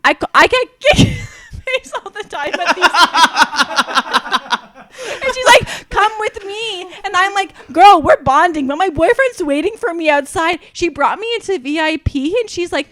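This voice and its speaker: A young woman tells a story on a podcast with a high, bright voice. She swears freely and laughs her way through the telling. The sound is close and dry. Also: animated, a little slow, dry recording. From Canada. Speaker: podcast co-host. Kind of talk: casual storytelling chat.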